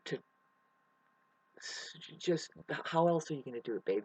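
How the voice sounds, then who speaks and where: Husky, emotional, swearing outdoor vlogger. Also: mid-range voice, animated, a little slow, pauses often, darkish tone, no room sound, dull audio. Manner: emotional, profane, restless. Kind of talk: rambling ranting monologue to camera. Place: outdoors in the mountains by a creek.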